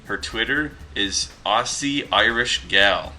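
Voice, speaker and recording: On the low side and slow, this man's voice carries a bright, forceful tone over slight background noise. He's a vlogger in his thirties from Western New York, USA, casually reading viewer mail with asides at home while his dogs wrestle.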